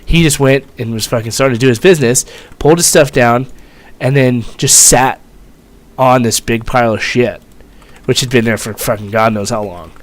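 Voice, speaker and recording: A man's voice: medium pitch, normal speed. A young man, a former Marine, telling a story in a rambling, profane way, full of fillers. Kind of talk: casual storytelling vlog.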